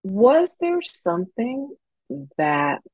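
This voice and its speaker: A woman's voice: a little high, very animated, very slow, a little mellow, no room sound. A woman host asking probing questions and giving short agreeing replies in a casual chat. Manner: brief backchannels and probing questions. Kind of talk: casual conversation. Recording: dull, dry lo-fi recording.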